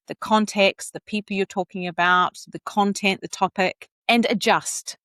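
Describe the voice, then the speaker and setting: A woman communications and vocal coach speaking as a podcast guest, expressive and animated as she demonstrates inflection. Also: medium pitch, no room sound. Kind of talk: podcast interview.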